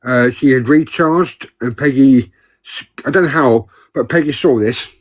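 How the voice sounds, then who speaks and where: A man's voice: mid-range voice, a little slow. Hesitant man chatting. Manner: hesitant, repeats words. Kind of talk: casual chat.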